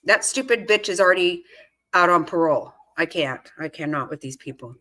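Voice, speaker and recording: Bright, indignant woman reacting. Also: fairly low pitch, animated, fairly quick. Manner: indignant, swears freely, talks back at the screen. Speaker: true-crime commentary host. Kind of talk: casual reaction commentary.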